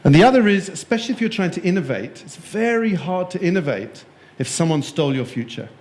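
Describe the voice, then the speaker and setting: A man's voice: high voice, lively intonation, fast, darkish tone. A man giving a conference keynote, jokey and playful, quizzing the live audience in the room. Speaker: keynote speaker. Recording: echoey room.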